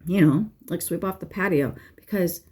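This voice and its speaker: Woman, middle-aged, lowish voice, mellow tone, blunt casual venting, swears freely. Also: normal speed, husky. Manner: rambling with fillers and restarts. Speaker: tarot reader. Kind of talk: casual chat.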